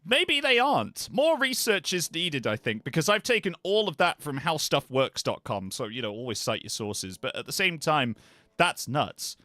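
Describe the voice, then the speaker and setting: A man's voice: on the high side, very animated, moderate pace, fairly bright tone, no echo, studio quality. A man live-streaming and chatting casually with his viewers, animatedly reading web pages aloud with offhand asides.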